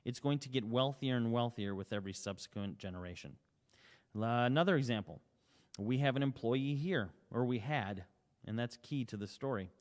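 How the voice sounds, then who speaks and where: A man's voice: mid-range voice, moderate pace, in a large hall. A man giving an emphatic sales presentation, asking rhetorical questions and acting out short dialogues. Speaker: company CEO presenting.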